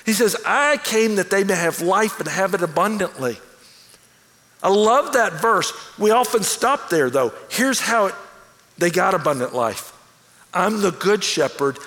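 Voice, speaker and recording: A male pastor delivering an animated sermon, acting out quoted lines as he goes. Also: sits high, unhurried. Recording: long hall reverb.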